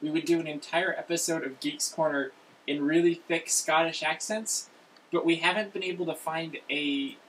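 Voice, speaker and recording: A man's voice: on the high side, steady tone, normal speed, fairly bright tone. A man hosting a casual group chat, upbeat and laughing as he prompts the others. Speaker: host. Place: room with several people, screens and a camera. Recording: distant room mic with faint noise.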